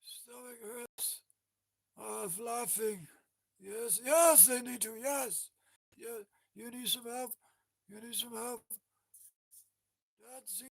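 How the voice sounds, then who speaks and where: A man's voice: very high voice, slow, creaky, long pauses, no room sound, clean studio sound. An older man hosting a livestream in casual chat, repeating words over and over in a chanting way. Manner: repetitive, chanting single words. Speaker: livestream host.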